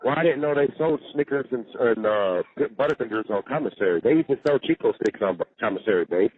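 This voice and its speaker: A man's voice: mid-range voice, animated, fast talker, slight background noise. A man calling home from jail, chatting casually in a coarse, profane, boastful way. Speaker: jail inmate on a call. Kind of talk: casual phone chat. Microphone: prison payphone handset. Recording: tinny jail phone line.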